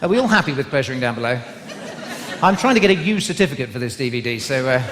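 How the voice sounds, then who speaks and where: A man's voice: mid-range voice, lively intonation, fast talker, noisy background. A man doing stand-up comedy to a live audience, chatting and teasing the crowd with tag questions. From England, West Country. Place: large live theatre with an audience. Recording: live hall recording with crowd. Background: audience laughter.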